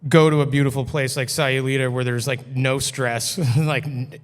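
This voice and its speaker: At a moderate pace and with fairly even intonation, a medium-pitched man recounts a story as a podcast guest. He's loose, cursing, and casual, with heavy use of "like." The recording has long hall reverb from a brewery taproom.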